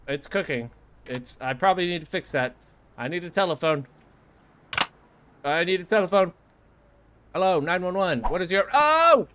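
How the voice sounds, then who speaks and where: A young man playing a cooking game and commenting as he goes, frantic and sarcastic, jumping from low mutters to squeaky outbursts. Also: a bit bright, a little hiss or hum. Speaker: gaming youtuber. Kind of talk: casual gameplay commentary.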